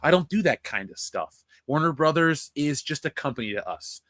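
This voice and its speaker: A young man co-hosting a casual film review chat, excitable and rambling, swearing freely. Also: on the high side, moderate pace, dry recording, studio quality. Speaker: podcast co-host.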